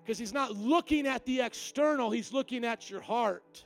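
Pastor, male, high-pitched voice, emphatic sermon delivery with big dynamic swings, faint music underneath. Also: fairly quick, few pauses. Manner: emphatic preaching, swings from quiet to loud.

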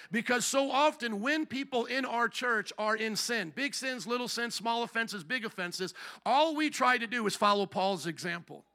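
A man's voice: high-pitched, sharp tone. A man preaching a sermon as pastor, putting emphatic rhetorical questions to his congregation.

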